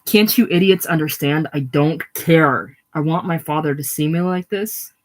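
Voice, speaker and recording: Guy putting on an enraged doctor ranting at orderlies, loud and close to tears, kinda high voice. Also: normal speed, natural voice. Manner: shouting, ranting, near tears. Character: furious male doctor committed to a psych ward.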